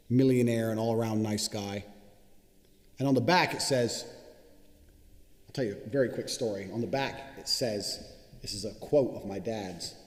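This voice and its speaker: A man delivering a boastful, profane monologue straight to viewers, in a casual self-promoting style. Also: lowish voice. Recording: roomy with long reverb.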